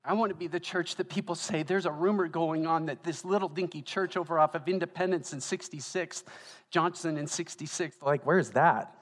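A man preaching as the pastor of a church, emotional and tearful, building to loud, fervent delivery. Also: a little high, moderate pace. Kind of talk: sermon. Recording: long church hall reverb.

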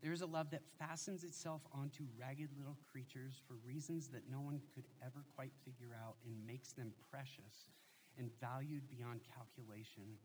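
A man in his forties preaching a sermon as a pastor, telling family stories in an animated, joking way. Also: mid-range voice, moderate pace, a little hiss or hum.

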